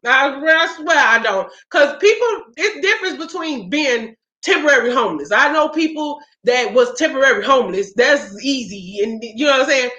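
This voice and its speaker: A woman, talking casually to her viewers in a blunt, profane, animated way. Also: high voice, normal speed, hardly any pauses. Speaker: spiritual practitioner vlogger. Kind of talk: casual livestream chat. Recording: roomy, dull lo-fi sound.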